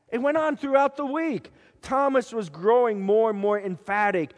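High-voiced man preaching in a reverberant hall. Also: moderate pace, few pauses. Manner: dramatic storytelling, swinging between hushed and emphatic. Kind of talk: sermon retelling scripture.

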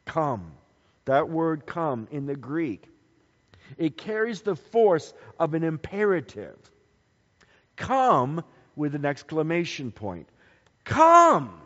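A man's voice: fairly high pitch, very animated, slow pace. A man preaching a sermon as a pastor, telling stories and building emphasis through repetition. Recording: dull lo-fi recording with long hall reverb.

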